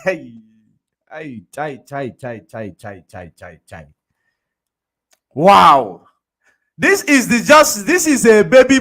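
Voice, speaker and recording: A man's voice: sits high, a bit bright. Mocking Nigerian man commenting on clips. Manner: mocking, laughs often, repeats himself for emphasis. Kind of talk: reaction commentary on played clips.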